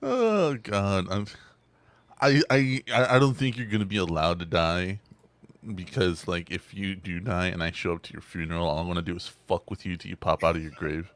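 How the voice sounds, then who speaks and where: A man's voice: low-pitched, normal speed, fairly bright tone, no echo. A man co-hosting a podcast, telling stories in casual, profane chat and laughing often.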